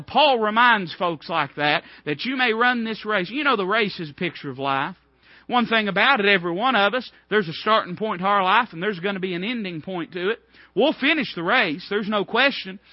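Male preacher, high-pitched and emphatic, dull dry lo-fi sound. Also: no echo. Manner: emphatic, rising in bursts of repeated phrases. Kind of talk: sermon.

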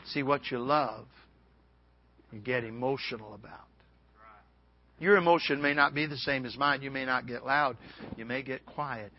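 A man preaching a revival sermon in a folksy, storytelling way, rising to loud peaks and dropping to a hush. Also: medium pitch, normal speed, long pauses. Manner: swings from loud shouting peaks to hushed near-whisper. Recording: dull lo-fi recording.

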